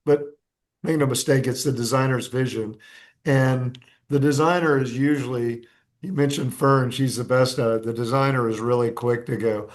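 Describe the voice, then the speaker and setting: A man's voice: mid-range voice, normal speed. A man, a designer and entrepreneur, telling stories as a podcast guest, acting out dialogue with many restarts. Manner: animated storyteller, acts out dialogue, many restarts. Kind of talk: casual podcast interview.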